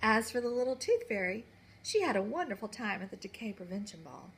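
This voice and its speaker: Lady teacher reading a picture book to kids in class, high voice, lots of drama. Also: normal speed, slight background noise. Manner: expressive, dramatic storytelling.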